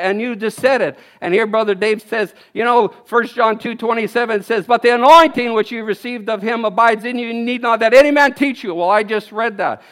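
High-voiced preacher in his fifties. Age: 50s. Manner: energetic, exclaiming, laughing often. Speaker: guest preacher. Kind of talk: sermon. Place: church service.

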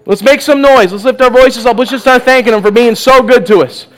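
High-voiced preacher exhorting a congregation. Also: male voice, fairly quick. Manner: exhorting, repetitive "come on" calls, bursts of laughter. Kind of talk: charismatic sermon and altar call. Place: church service with live audience.

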